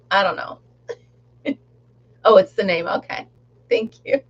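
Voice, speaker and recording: Chatty woman with a husky voice. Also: mid-range voice, animated, takes it slowly, highs cut off. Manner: chatty, laughs often, sings along softly. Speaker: livestream crafter. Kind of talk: casual live-stream chat while knitting.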